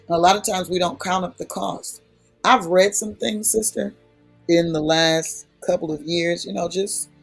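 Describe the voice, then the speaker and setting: Man, prayer-session preacher, husky and a touch high, folksy and emphatic. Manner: folksy, emphatic, repeats key phrases. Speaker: prayer speaker.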